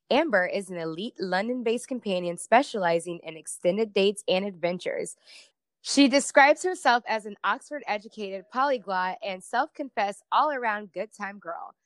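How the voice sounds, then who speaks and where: A woman's voice: mid-range voice, no room sound, clean studio sound. A woman co-hosting a podcast, chatting casually and reading the guest introduction. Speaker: podcast co-host.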